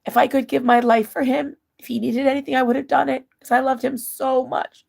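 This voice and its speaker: A middle-aged woman hosts a casual livestream and reads viewer comments aloud, answering them one by one. She laughs and cries at the same time as she talks. Her voice is a little high, with a gravelly, creaky edge. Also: level tone, a little fast, a little mellow. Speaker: livestream host reading chat. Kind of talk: casual emotional livestream chat.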